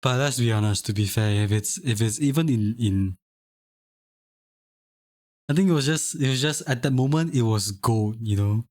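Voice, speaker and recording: A young man chats on a live stream in a loose, rambling way. He restarts phrases often and laughs easily. His voice sits at a middling pitch. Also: normal speed, long pauses, darkish tone. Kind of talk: casual chat.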